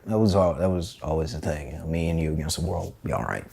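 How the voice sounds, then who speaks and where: A man in his twenties, a podcast guest telling a personal story in a candid, profane, animated way. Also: a bass voice, fast talker, creaky, breathy edge. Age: 20s.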